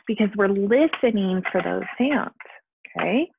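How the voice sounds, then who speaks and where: A woman teaching young children at home over video, speaking slowly and patiently and checking in with them often. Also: medium pitch, lively intonation, creaky, breathy edge, no room sound. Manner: slow, patient, coaxing, frequent "okay?". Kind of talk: remote lesson to young children. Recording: dry, phone-like lo-fi sound.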